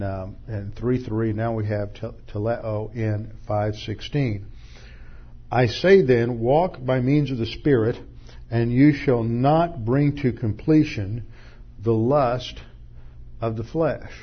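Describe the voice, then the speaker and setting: A man's voice: mid-range voice, slightly rough. A man preaching an expository sermon, explaining Greek terms step by step and mixing in everyday illustrations, on a dull lo-fi recording. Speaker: Bible teacher.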